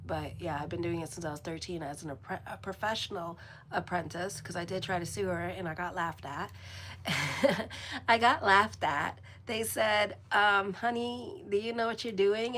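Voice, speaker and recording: A woman's voice: on the low side, a bit bright, a little hiss or hum. Chatty rambling woman astrologer. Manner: chatty, rambling, blunt, swears casually. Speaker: astrologer and channel host. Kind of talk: casual horoscope monologue.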